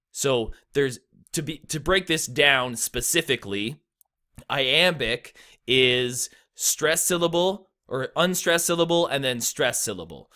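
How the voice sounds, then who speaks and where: A man's voice: medium pitch, pushed and bright. A young man teaching rap flow in a laid-back, blunt way, with frequent ums. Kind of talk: casual explainer video.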